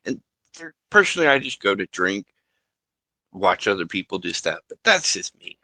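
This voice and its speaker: A man's voice: sits low, big pitch swings, normal speed, sharp tone, no echo, low-quality recording. A man playing his character in a tabletop game, reassuring and tacking "okay?" onto his lines. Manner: reassuring, keeps asking "okay?". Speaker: player.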